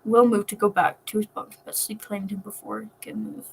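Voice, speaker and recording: Softly reading woman. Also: mid-range voice, flat delivery, brisk, creaky, breathy edge, rough recording. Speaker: story reader. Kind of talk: fan fiction audiobook reading.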